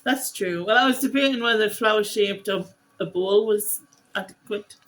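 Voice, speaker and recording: A woman's voice: medium pitch, moderate pace, fairly bright tone, rough recording. A woman, chatting casually and giggling at herself while crafting on her vlog. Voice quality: giggly, self-deprecating, chatty. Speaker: vlogger host.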